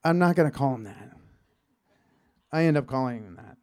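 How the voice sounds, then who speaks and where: A man's voice: medium pitch, animated, moderate pace, darkish tone. A man in his fifties telling a wry personal story on stage, acting out the quoted lines. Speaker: storyteller and show host.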